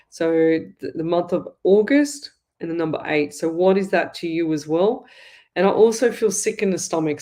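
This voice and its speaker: Australian woman, middle-aged, lower-pitched; rambling, repetitive live-reading host. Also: darkish tone. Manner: chatty, rambling, repeats herself. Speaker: psychic medium host.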